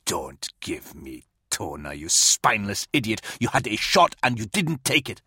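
A man's voice: lowish voice, very animated, normal speed, sharp tone, husky, dry recording, heavily acted. A man voicing a fierce female soldier who hisses with scorn. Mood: hissing. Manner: hissing, scornful.

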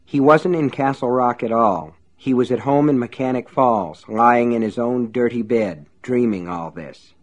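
A man narrating a novel aloud in a steady, measured storytelling way. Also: medium pitch. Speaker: audiobook narrator. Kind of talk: scripted narration.

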